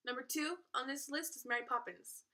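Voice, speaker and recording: A woman's voice: high voice, fairly even intonation, fairly quick, pushed and bright. A teenage girl chatting casually to camera as a vlogger, playful and self-aware with little asides. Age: teens.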